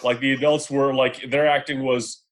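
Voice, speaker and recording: A man talking casually on a film podcast. He rambles through his opinions with loose, relaxed phrasing and a frank tone. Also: medium pitch, normal speed. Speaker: podcast panelist.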